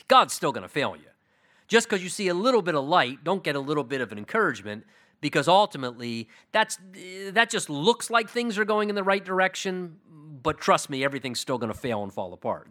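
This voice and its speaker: Emphatic, bright-voiced male preacher. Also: fairly high pitch. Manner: emphatic, swings between loud declarations and hushed asides; conversational, plain-spoken Bible teaching. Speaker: pastor. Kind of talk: expository sermon.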